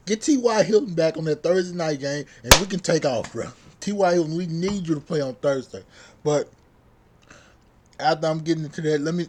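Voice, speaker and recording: High-voiced man in a heated fan rant. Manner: heated, repetitive, says bruh constantly. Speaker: sports vlogger.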